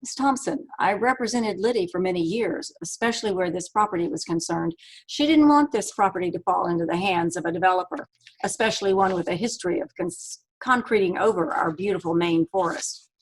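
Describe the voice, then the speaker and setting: Woman reading an insistent older male lawyer, formal and impatient, husky tone. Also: lowish voice, a little fast.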